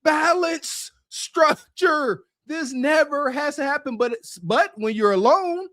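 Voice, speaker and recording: Middle-aged male podcast co-host, high-pitched, animated preachy delivery. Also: slow, dry recording, clean studio sound. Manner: animated, preachy, laughs often. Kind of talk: casual chat reacting to clips.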